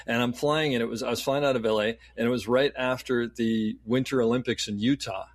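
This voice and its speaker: Middle-aged podcast host, mid-pitched male voice, dry close sound, meandering and lively. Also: fairly quick, no echo. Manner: meandering questions with restarts, lively when telling anecdotes. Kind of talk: casual interview chat.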